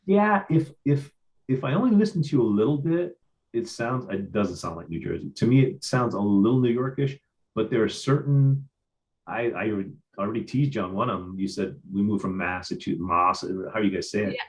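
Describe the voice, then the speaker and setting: A man's voice: on the low side, lively intonation, a little fast, darkish tone. A man with a Midwestern accent hosting an interview, chatty and telling stories with frequent stammers and repeats. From Ohio. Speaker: host. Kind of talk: casual interview chat.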